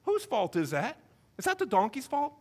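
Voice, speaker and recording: A male pastor delivering a sermon in a bright, high voice that swoops up and down. He tells the story with animated, comic acted-out voices. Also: normal speed.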